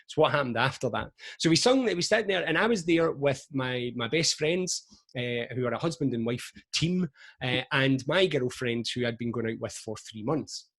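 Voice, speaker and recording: A man in his forties, a motivational speaker, telling stories to camera on a video call in a chatty, lively way full of asides. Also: medium pitch, normal speed. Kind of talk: energetic motivational talk to camera.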